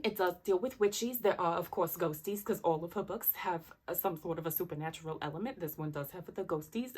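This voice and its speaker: A woman's voice: lowish voice, breathy edge. A woman vlogger chatting enthusiastically about books she read, rambling with fillers and restarts. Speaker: book vlogger. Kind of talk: casual book review chat.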